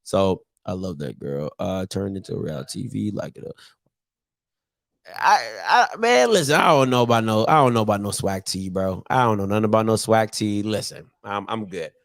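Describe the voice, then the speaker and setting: A man hosting a live call-in sports talk show, animated, jumping between loud hype and muttering asides. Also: lowish voice, moderate pace, gravelly.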